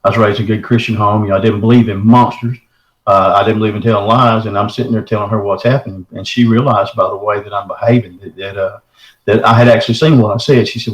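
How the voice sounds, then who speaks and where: A man's voice: on the low side, fairly even intonation, fast. Earnest middle-aged man, echoey sound. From Texarkana area, southern United States. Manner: earnest, folksy, keeps saying "man". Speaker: caller telling his encounter. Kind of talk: recounting a personal story.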